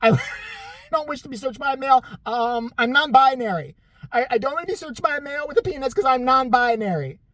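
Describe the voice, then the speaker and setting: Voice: high-pitched, lively intonation, a little fast, a bit bright, no room sound, pitched above the performer's own voice. A vlogger putting on a mocking impression of an entitled, unhinged man who whines and makes demands. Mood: whiny, defensive. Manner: whiny, indignant, mocking.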